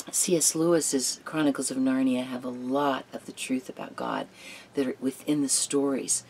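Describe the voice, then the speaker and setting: A Bible study teacher retelling a story in an animated, storytelling manner that sinks to a hushed tone. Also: mid-range voice, a little hiss or hum. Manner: animated storytelling that drops to a hushed, near-whispered tone.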